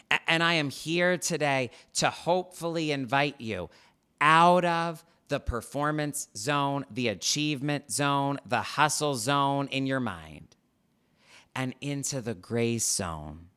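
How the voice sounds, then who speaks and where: A man giving an online sermon, slow and emphatic, repeating his key phrases. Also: fairly high pitch, bright, forceful tone, clean tone. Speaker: preacher and faith teacher.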